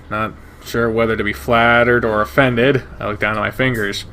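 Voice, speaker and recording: A man reading a visual novel aloud in first person, steady and measured. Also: lowish voice. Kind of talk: first-person narration of a game.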